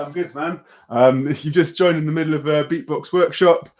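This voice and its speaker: Teaching beatboxing online, this young man keeps an easygoing, supportive tone, though his explanations are full of fillers and false starts. He speaks at a moderate pace with a fairly high pitch.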